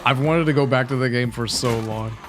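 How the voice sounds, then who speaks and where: A man's voice: medium pitch, fairly quick, music in the background. A man livestreaming a game, chatting loosely and cursing as he plays. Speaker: gaming livestreamer. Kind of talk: casual chat over gameplay.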